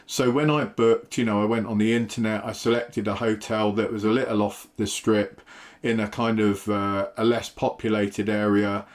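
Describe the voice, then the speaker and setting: A man's voice: on the low side, level tone, moderate pace. A man with an English accent giving a casual, rambling travel talk to camera, full of fillers. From England. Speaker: travel vlogger.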